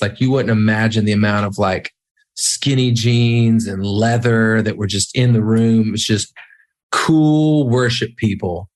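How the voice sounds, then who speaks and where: A man who leads worship, talking casually and self-deprecatingly, with lots of fillers and restarts. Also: medium pitch. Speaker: worship leader. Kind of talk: casual podcast conversation.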